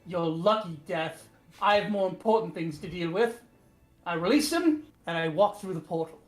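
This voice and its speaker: Deliberate man with roomy echo. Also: high voice, lively intonation, soft background music. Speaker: player. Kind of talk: tabletop narration of his character.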